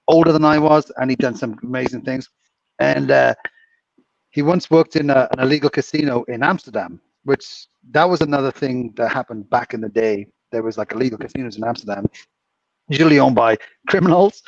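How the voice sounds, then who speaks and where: A man's voice: mid-range voice, creaky, dry recording. Male co-host, chuckling rambling storyteller; muffled, distant, dry pickup. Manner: rambling, chuckling anecdote teller. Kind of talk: casual storytelling chat.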